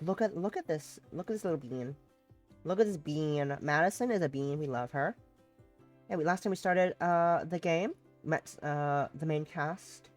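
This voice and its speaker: A woman streamer with a sick voice, chatting casually and playfully with many fillers while playing a visual novel. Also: low voice. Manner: rambling, playful, filler-heavy. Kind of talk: casual let's-play chat.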